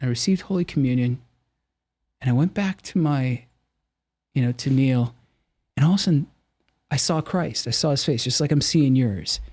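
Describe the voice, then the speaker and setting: A man's voice: medium pitch, moderate pace, pauses often, slightly rough, no echo. Earnest middle-aged man telling his story. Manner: earnest, animated, acts out quoted voices. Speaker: podcast guest. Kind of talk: candid personal storytelling.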